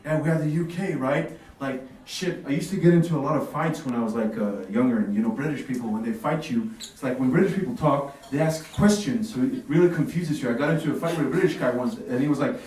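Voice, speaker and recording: A man's voice: mid-range voice, quick pace, darkish tone. Man, young, stand-up comedy, laughs at own jokes, distant mic. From Sweden. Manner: loose, chatty, laughs at his own jokes. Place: small café stage. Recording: roomy café recording from far off.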